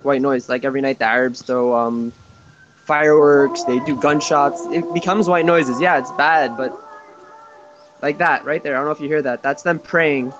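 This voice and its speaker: Lively American man on a muffled call. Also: a little high. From United States. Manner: lively, animated, laughs between anecdotes. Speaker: participant calling in from Israel. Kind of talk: casual storytelling chat. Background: birds chirping.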